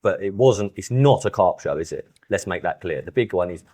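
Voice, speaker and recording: Deep-voiced man, chatty storyteller. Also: brisk. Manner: animated storyteller who acts out quoted exchanges. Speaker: podcast host. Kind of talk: casual chat.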